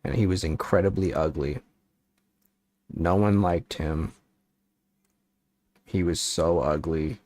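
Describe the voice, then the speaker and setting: Deep voiced guy rambling on his stream, slow and goofy, dry close mic. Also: darkish tone, no room sound. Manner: rambling, playful, chatting with viewers. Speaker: VTuber streamer. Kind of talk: casual livestream chat and improvised bedtime story.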